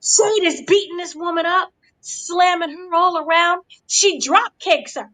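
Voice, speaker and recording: A woman hosting a casual wrestling review, animated and acting out the quotes with gasps and shrieks. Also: very high-pitched, a little slow. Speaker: show host. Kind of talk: casual wrestling recap chat.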